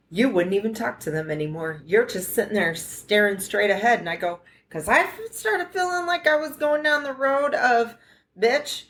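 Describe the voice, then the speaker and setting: A woman from the United States telling a story on a podcast, animated and profane, acting out the dialogue as she goes. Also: a little high. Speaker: podcast co-host. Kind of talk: casual storytelling chat.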